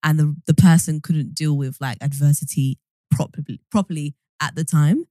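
A woman's voice: sits low, fairly even intonation, moderate pace, dark tone, no echo, clean studio sound. A young woman co-hosting a podcast in casual chat, giggly and rambling. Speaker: podcast co-host.

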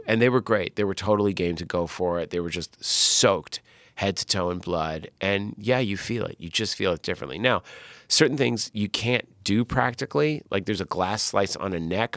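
A middle-aged film director tells behind-the-scenes stories with lively energy, dropping frequent curses and acting out what people said. His voice sits very low. The sound is close and dry. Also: dry recording. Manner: animated storyteller, swears often, acts out quotes. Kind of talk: casual interview talk.

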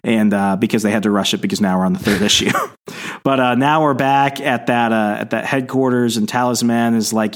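A man co-hosting a laid-back podcast. He walks through comic book panels and quotes the characters' lines, and his talk is full of fillers. His voice sits at an ordinary middle pitch. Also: a little fast. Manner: retells comic scenes, quoting characters' lines; chatty, with frequent fillers. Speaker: podcast co-host. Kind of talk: casual podcast chat.

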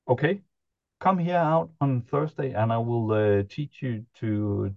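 Man recounting an anecdote, mellow low timbre, dry dull-sounding recording, halting delivery. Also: no room sound. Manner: halting, chuckling anecdote telling with many restarts. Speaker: podcast guest. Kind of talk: casual storytelling.

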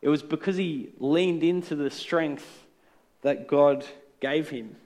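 Guy giving a sermon in church, talks casual and earnest, bit of a higher voice. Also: slow pace, darkish tone. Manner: earnest, conversational preaching with light humor. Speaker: pastor.

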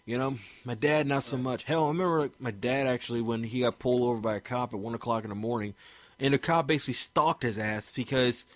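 A man's voice: medium pitch, quick pace, no echo. Casual male host from Maryland, loose and cussing, dry close sound. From Maryland, USA. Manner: laid-back, profane, peppers talk with "you know". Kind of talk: casual chat.

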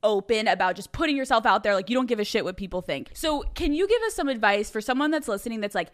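A woman's voice: on the high side, lively intonation, fast talker. A young woman from outside Philadelphia hosting a podcast, talking in a chatty, casual way and laughing often. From near Philadelphia, USA. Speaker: podcast host. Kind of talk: casual interview chat.

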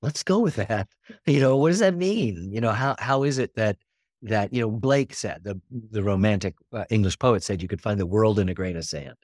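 A man's voice: on the low side, lively intonation, moderate pace, a little mellow, dry recording, studio quality. An older man, a documentary filmmaker, talking earnestly and expansively in an interview, often repeating words for emphasis. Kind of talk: reflective interview talk.

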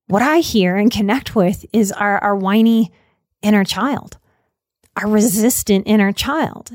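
Calm woman podcast host, dry sound. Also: mid-range voice, a little slow, dry recording. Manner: calm, encouraging, repeats phrases in lists. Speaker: podcast host and mental health speaker. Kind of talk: reflective podcast talk on self-help quotes.

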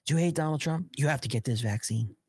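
A man's voice: mid-range voice, quick pace, darkish tone, husky, no room sound, clean studio sound. Sarcastic man ranting on a live show. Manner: heated, sarcastic, profane ranting. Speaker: host of a political live show. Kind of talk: political commentary livestream.

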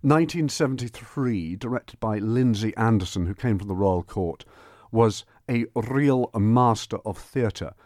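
A man chatting enthusiastically on radio as a film reviewer, animated and prone to quick restarts. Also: fairly low pitch, no room sound, clean studio sound. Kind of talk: radio chat.

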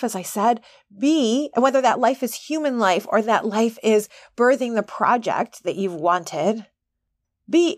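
A middle-aged woman hosting a podcast as a coach, talking in a chatty, animated way with laughing asides. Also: high-pitched, no room sound, clean studio sound. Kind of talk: casual monologue.

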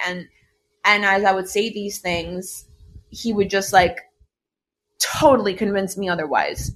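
A woman's voice: medium pitch, lively intonation, measured pace, long pauses, fairly bright tone, slight background noise. A young adult woman in casual chat, recounting a personal story candidly and heatedly, swearing often and leaning on filler words. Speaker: podcast co-host telling a personal story.

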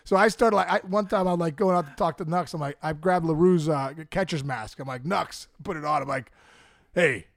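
A middle-aged man telling stories in a casual chat, animated, acting out the people in them and laughing often. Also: a little high, brisk, creaky, few pauses. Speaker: guest storyteller. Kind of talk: casual storytelling.

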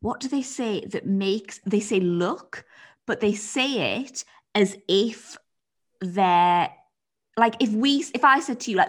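A woman co-hosting a casual chat podcast, telling stories in a chatty, animated way. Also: medium pitch, measured pace. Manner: chatty, animated storytelling with giggles. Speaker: podcast co-host.

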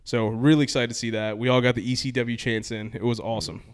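A man telling a long trip story in casual podcast chat, animated, acting out quoted exchanges. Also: medium pitch, quick pace, clear, resonant tone.

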